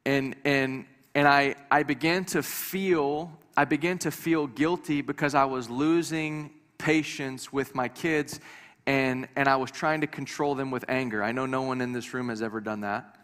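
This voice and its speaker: A pastor preaches to a congregation in a church hall, speaking conversationally with light humor and often repeating words as he restarts. His medium-pitched voice is fairly bright and fairly even in intonation, at a moderate pace. Long hall reverb colors the recording.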